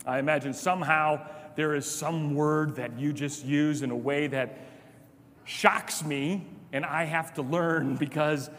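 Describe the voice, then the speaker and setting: Man preaching, highish voice, animated storytelling, soft low asides, long hall reverb. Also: unhurried. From Chicago. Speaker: pastor. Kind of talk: sermon.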